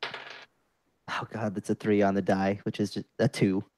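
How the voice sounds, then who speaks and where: A man's voice: on the low side, flat delivery, a little slow, darkish tone, dry recording. A man playing a tabletop game, chatting in an easygoing way about his rolls and his character. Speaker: player. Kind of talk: casual tabletop game play.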